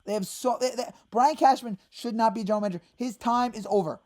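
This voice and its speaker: A woman hosting a fan channel, ranting in exasperation about her team and breaking into sudden shouted outbursts. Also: fairly high pitch, fast talker. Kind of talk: angry fan rant.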